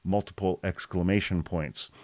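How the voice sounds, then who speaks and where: A man hosting a podcast of political commentary, reading out quotes and flatly calling them false with sarcastic exasperation. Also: low voice, normal speed, no room sound, clean studio sound. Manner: sarcastic, exasperated, deadpan rebuttals.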